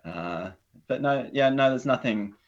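A man with a New Zealand accent, talking casually as a guest, relaxed and hesitant, with plenty of fillers and restarts. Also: mid-range voice, measured pace. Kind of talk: casual conversation. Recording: dull lo-fi audio.

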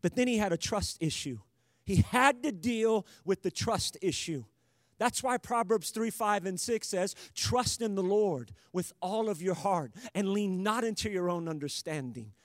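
A man with a high voice preaches a sermon with forceful emphasis. He builds to loud calls to the congregation. The sound is close and dry. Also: animated, measured pace, no room sound. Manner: emphatic, rising to loud exhortation.

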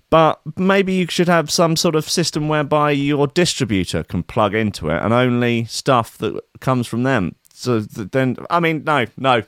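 A young British man rambles through casual livestream chat as a DJ host. His voice sits at a middle pitch, and he swears and mocks himself freely as he talks. The sound is dry and close. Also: no room sound. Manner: rambling, sweary and self-mocking. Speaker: DJ and stream host.

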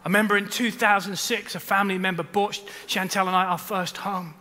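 A man, preaching a sermon and telling stories with loud bursts and hushed asides. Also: high-pitched, fairly quick, long reverb tail. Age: 40s. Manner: animated storytelling, swings between loud bursts and hushed asides. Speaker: pastor. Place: large church hall.

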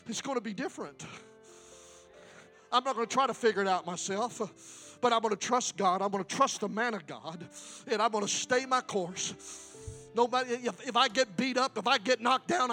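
A man preaching a Pentecostal sermon and altar call in a church. He repeats lines with rising fervor and moves between quiet stretches and loud exhortation. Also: very high voice. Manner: fervent, repetitive exhortation, swings from quiet to loud. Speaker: guest preacher. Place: church sanctuary.

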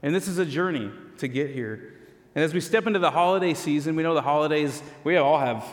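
Pastor preaching in a reverberant hall. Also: male voice, fairly high pitch, brisk. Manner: conversational storytelling with self-deprecating humor. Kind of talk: sermon with personal story.

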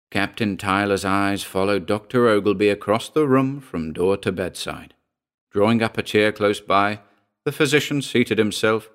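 A man narrating a 1940s pulp story in a steady, dramatic reading. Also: lowish voice. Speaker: audiobook narrator.

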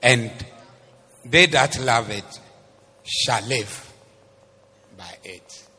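A man preaching a sermon as the pastor. He switches between English and Twi phrases and swings from soft asides to loud, emphatic preaching. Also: mid-range voice, drawn-out words, slightly rough. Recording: long hall reverb with faint noise.

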